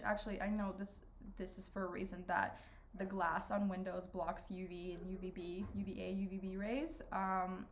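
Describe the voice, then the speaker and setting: A woman's voice: mid-range voice, slight background noise. A young woman hosting a podcast alone, rambling casually from thought to thought and filling her talk with "like". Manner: rambling, chatty, valley-girl fillers; self-interrupting, jumps between topics. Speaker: podcast host. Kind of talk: casual monologue.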